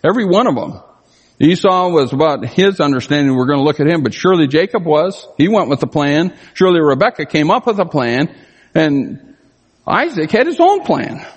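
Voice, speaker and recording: A pastor giving an expository sermon, reading scripture and commenting on it in a conversational, emphatic way. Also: male voice, on the high side, sing-song, normal speed, husky. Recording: long reverb of a large hall.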